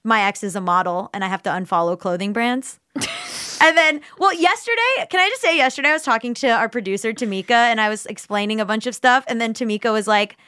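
A woman co-hosting a podcast in casual chat, animated and often laughing, on a studio microphone. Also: on the high side, fast talker, clean tone, no echo. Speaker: podcast co-host.

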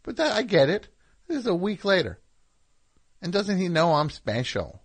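A man's voice: high voice, big pitch swings, moderate pace, breathy edge. A middle-aged man hosting a call-in radio show, telling rambling, wry, self-deprecating stories and chatting with callers. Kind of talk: casual monologue and call-in chat.

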